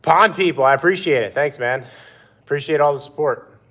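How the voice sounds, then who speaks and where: A man hosting a live stream outdoors, chatting in a relaxed way and greeting viewers by name. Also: fairly high pitch, a little fast. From Pennsylvania. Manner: laid-back, answers chat by name. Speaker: livestream host. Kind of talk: casual live-stream chat.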